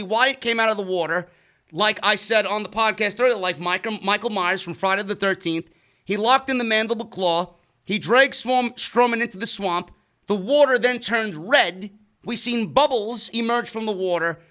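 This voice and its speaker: A man's voice: sits high, sharp tone. A man casually recapping a wrestling show, swearing often, stumbling over his words and sounding exasperated.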